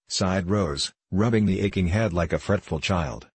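A man reading a classic novel aloud in measured, even storytelling. His voice is very low and husky, and the recording is close and dry with no room around it. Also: no echo. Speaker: audiobook narrator. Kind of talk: scripted narration of a classic novel.

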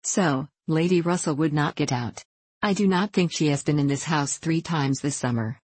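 A peevish young wife, as a woman reader puts her on complains plaintively in a storybook reading. Her voice sits low and is recorded close and dry. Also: normal speed, a little mellow, slightly rough, dry recording. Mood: complaining. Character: peevish self-pitying young married woman.

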